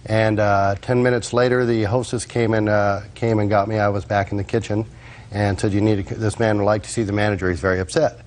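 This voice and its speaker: Halting low-voiced male witness. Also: level tone, darkish tone. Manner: halting, searching for words. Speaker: restaurant manager, witness. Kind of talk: courtroom testimony.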